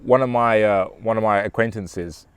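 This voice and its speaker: A man's voice: on the low side, normal speed, clean tone, no echo. A man talking casually to camera, explaining relationship advice in a conversational way with rhetorical questions and frequent restarts. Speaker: self-improvement vlogger.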